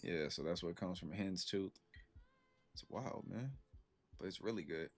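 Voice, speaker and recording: A young man talks loosely to his stream viewers, slangy and unhurried. His voice sits a little low, and he comes through a close computer mic. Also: faint music behind. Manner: laid-back slangy storytelling, reacting to chat. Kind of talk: casual chat with stream viewers.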